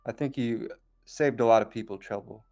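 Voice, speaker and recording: A man playing a tabletop game, speaking in a relaxed, easygoing way. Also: medium pitch, moderate pace, soft background music. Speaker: player. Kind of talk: in-character tabletop play.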